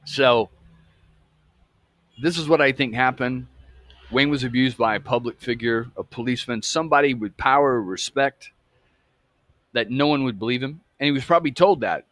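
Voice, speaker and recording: Man in his fifties from the US South, casual monologue, emphatic and swearing, mid pitch, dry sound. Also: normal speed, pauses often, a bit bright, no room sound. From Atlanta, US South. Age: 50s. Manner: emphatic, profane, keeps asking "okay?" and "folks". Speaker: true-crime channel host.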